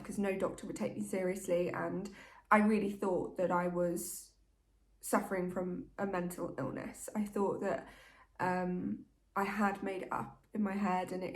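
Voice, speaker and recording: Chatting casually to camera, this woman vlogs openly and candidly, like she's talking with her best friend. Her pitch is medium and the recording has a roomy feel.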